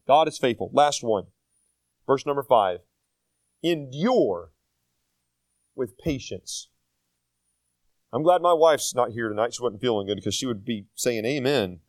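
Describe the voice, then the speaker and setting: A man's voice: medium pitch, dry recording. An older man preaching a sermon as pastor, folksy and self-deprecating, asking the congregation rhetorical questions.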